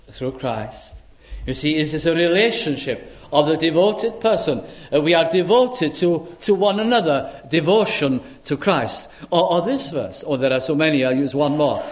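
An older man preaching a sermon, unhurried and reflective, slowing right down to stress lines of scripture. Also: a little high. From Wales. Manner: unhurried, reflective, with dramatic slow emphasis on scripture.

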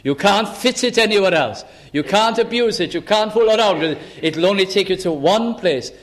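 Earnest high-voiced male preacher. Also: animated, moderate pace. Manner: earnest, emphatic, acts out quoted voices. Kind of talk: evangelical sermon. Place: chapel service.

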